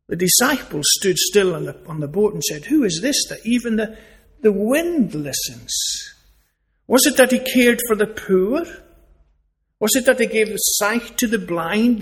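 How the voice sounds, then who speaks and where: A man preaching a sermon, earnest and emphatic, asking rhetorical questions. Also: high-pitched.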